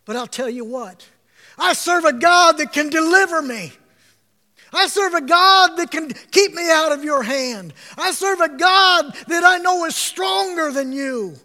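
A man's voice: extremely high pitch, unhurried, sharp tone, long reverb tail, full character voice. A man voicing three defiant young men who speak boldly to a king, in a sermon retelling. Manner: bold, declaring defiance.

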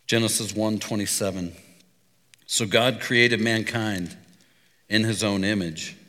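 A middle-aged man preaching a sermon, his voice bright and forceful. He talks like a storyteller, easy and conversational, and the sound rings out with the long reverb of a church hall. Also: lowish voice, fairly even intonation, unhurried. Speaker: pastor.

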